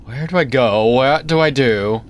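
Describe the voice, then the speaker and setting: A man's voice: medium pitch, measured pace. A man giving casual commentary while playing a game, chatty and easily startled, wandering into rambling asides. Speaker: let's play gamer.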